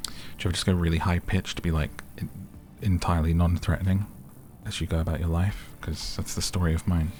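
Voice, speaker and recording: Very deep, soft-spoken man. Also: flat delivery, soft background music. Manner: slow, rambling, gently amused. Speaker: gaming ASMR host. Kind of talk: soft-spoken sleepy gameplay commentary.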